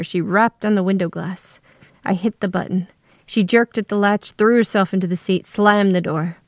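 A woman telling a first-person story in a steady, scripted narration. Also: medium pitch, no echo, studio quality.

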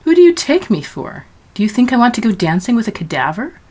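A woman voicing a defiant, headstrong young woman who talks curtly and with quick exasperation in a storybook reading. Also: medium pitch, big pitch swings, a little mellow, slightly rough, voice pushed up. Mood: exasperated.

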